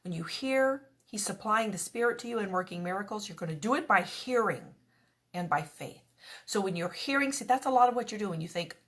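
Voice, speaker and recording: A woman's voice: medium pitch, lively intonation, fairly quick. Earnest woman giving a chatty devotional talk. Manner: chatty and earnest, voices little quoted prayers and asides. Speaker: devotional speaker.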